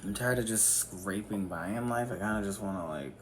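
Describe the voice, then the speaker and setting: A man's voice: fairly low pitch, a little fast, slight background noise. A man chatting candidly through a makeup tutorial, rambling and swearing freely. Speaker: makeup vlogger. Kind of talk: casual chat during a makeup tutorial. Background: music.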